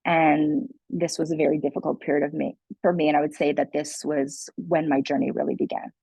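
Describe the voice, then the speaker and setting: A woman's voice: deep voice, flat delivery, brisk, gravelly, few pauses, mellow, slightly rough, no room sound, low-quality recording. A young adult woman, a guest speaker, telling her personal story in a candid, earnest way with many "like" and "you know" fillers. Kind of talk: personal testimony in a conversation.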